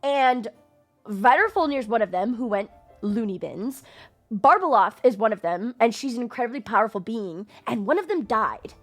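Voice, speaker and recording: Excitable young woman reacting to a game. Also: fairly high pitch, normal speed, faint music behind. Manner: excitable, gushing, full of fillers and swearing. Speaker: streamer.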